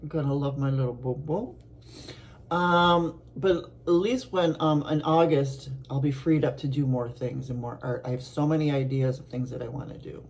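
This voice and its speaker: A middle-aged woman from Buffalo, New York, chatting casually to her viewers as an art vlogger, rambling along with soft laughs and restarts. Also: very deep voice, moderate pace. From Buffalo, New York, USA.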